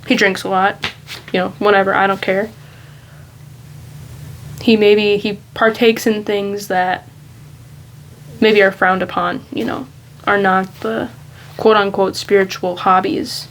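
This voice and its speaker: A woman's voice: mid-range voice, little pitch movement, measured pace, a bit bright, a little hiss or hum, rough recording. Rambling, candid woman vlogger. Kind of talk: casual reflective monologue.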